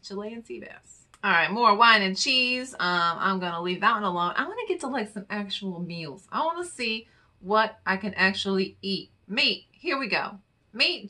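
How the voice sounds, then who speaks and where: A woman's voice: mid-range voice, pushed and bright. A woman vlogger chatting casually and playfully as she reads wine charts aloud, with muttered asides. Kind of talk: casual chat reading infographics aloud.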